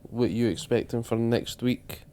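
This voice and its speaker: A man's voice: medium pitch, measured pace, mellow, clear, resonant tone. A man co-hosting a wrestling podcast, teasing his co-host in casual chat.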